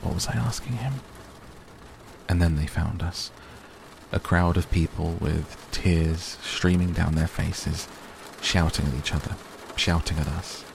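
A man reading a novel aloud in steady first-person narration. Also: very deep voice, a little slow, gravelly, slight background noise. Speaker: audiobook reader.

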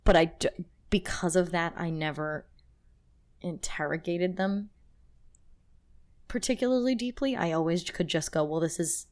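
A woman's voice: lowish voice, normal speed, pauses often, darkish tone. A woman co-hosting a podcast, talking in a casual, emotional and rambling way with many restarts. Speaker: podcast co-host. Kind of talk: casual chat.

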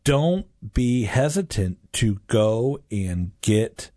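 A man's voice: mid-range voice, sing-song, slow, warm tone, no room sound. A man hosting a faith-based radio talk show from a studio, talking in an earnest, encouraging way.

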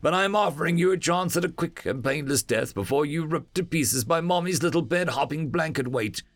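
Storybook role: a cold soldier making slow, calm threats in a gravelly voice, read by a male narrator. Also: on the high side, dry recording, pitched above the performer's own voice. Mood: menacing. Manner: slow, flat menace.

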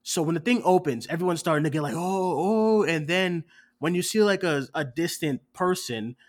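A man's voice: a little high, normal speed. A man co-hosting a casual movie reaction show, telling his theater experience with lots of energy, acting out lines and laughing. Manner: animated storyteller, acts out quotes, swears, laughs often.

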